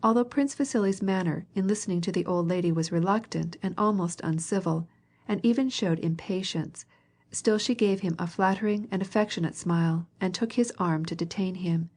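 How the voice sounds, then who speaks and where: A woman reading a classic novel aloud as an audiobook narrator, in a measured way, gently voicing each character. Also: on the low side.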